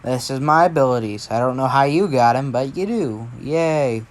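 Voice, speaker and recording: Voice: medium pitch, expressive, normal speed, lightly acted. A tired amateur storyteller voicing a short, laid-back male skeleton who shrugs things off in an offhand way.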